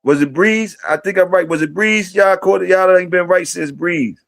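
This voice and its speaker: A man's voice: high-pitched, moderate pace, vocal fry, fairly bright tone, dry recording. A man hosting a live stream, chatting loosely with viewers in a rambling, profane way and firing questions at them.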